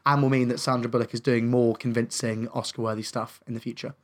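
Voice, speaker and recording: A man's voice: medium pitch, little pitch movement, quick pace. A young man co-hosting a casual film review chat, hesitant and full of fillers and restarts, but enthusiastic. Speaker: film review podcast co-host.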